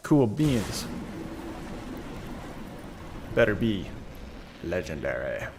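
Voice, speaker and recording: A man's voice: mid-range voice, expressive, moderate pace, noisy background. A man streaming a game, chatting casually and rambling through asides and self-corrections into a desk microphone. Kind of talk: casual live-stream chat. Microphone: desk microphone on a shock mount.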